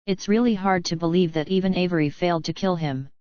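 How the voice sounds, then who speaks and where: A woman reading a gentle, scheming old master. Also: sits high, fairly even intonation, clear, resonant tone, dry recording, lightly acted. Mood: calm scheming. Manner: gentle, measured. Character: calm, scheming white-haired old male master. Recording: dull, lo-fi, dry.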